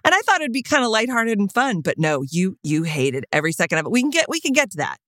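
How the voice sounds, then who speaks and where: A woman's voice: mid-range voice, big pitch swings, fast, a bit bright, dry recording, studio quality. A woman in her thirties co-hosting a podcast in casual chat, playful and teasing, laughing often. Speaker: podcast co-host.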